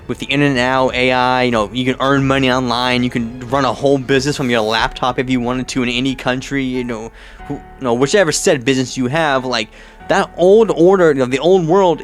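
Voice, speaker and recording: A young man talks through a film he just watched in a loose, rambling way, packing his sentences with "like" and "you know" and often starting them over. His voice sits at an ordinary middle pitch. Faint music plays underneath. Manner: rambling, heavy on "like" and "you know", many restarts. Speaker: vlogger. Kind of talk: casual movie commentary vlog.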